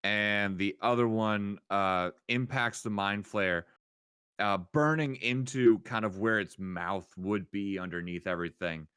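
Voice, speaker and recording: A man's voice: lowish voice, a little slow, fairly bright tone, smooth, no echo, studio quality. A man narrating as dungeon master in a casual game, swearing freely and trailing off with fillers.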